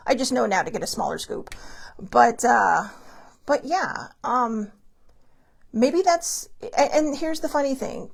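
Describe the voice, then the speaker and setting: Lady host just chatting solo, kinda high voice with lots of fry, open and emotional. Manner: candid and emotional, swears casually; animated, many quick asides. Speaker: podcast host. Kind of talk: casual solo talk.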